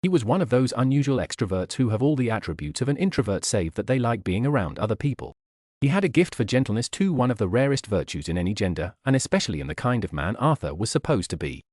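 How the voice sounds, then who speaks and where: A man reading a novel aloud as narration, shifting his pitch to voice the characters. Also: big pitch swings, fast talker, darkish tone, no room sound, studio quality. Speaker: audiobook reader. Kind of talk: scripted narration.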